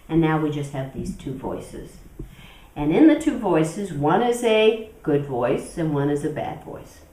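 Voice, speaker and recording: A woman's voice: sits low, a little mellow, far from the mic. A woman spiritual teacher leading an interactive teaching talk, questioning her audience and acting out inner voices. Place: teaching room with a group. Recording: echoey room, recorded from afar.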